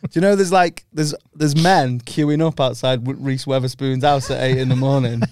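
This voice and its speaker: A man's voice: mid-range voice, fairly even intonation, moderate pace, darkish tone, slight background noise. A young man, co-hosting a casual podcast, rambling and joking in British slang. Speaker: podcast co-host. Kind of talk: casual chat.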